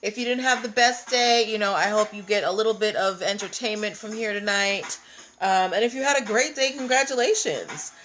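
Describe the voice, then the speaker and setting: A woman's voice: mid-range voice, fairly quick, fairly bright tone, slight background noise. A woman hosting a casual livestream, chatting with viewers and greeting them by name. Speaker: livestream host.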